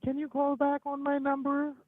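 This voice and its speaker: Man doing a shrill, monotone lady on the phone, nagging, tinny phone line, dead-dry sound. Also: moderate pace, no room sound. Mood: insistent. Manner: insistent, repetitive. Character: woman on the phone, pushy caller. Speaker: scammer.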